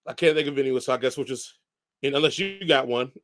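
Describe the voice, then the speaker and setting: A man co-hosting a podcast, chatting casually about movies, who often agrees with quick repeated words and laughs along. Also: medium pitch, a little hiss or hum. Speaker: podcast co-host. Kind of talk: casual movie review chat.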